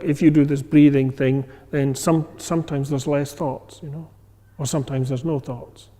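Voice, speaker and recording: A man leads a meditation class in a relaxed, chatty way, often asking whether his listeners follow. His voice is mellow and sits a little high for a man. A long reverb trails his words, as if he were speaking in a hall. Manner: conversational, many fillers, acts out inner voices. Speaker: meditation teacher. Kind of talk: informal class talk.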